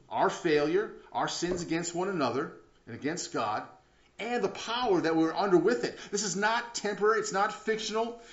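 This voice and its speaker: A man preaching a sermon in an earnest way, often repeating words and restarting, swinging between loud and hushed. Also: high-pitched. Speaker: pastor. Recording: roomy, slightly dull sound.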